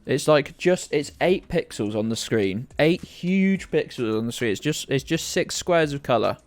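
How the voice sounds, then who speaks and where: A man's voice: fairly high pitch, animated, normal speed. A man from the UK chatting casually and rambling to viewers while streaming a game, often joking at his own expense. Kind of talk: casual live-stream commentary.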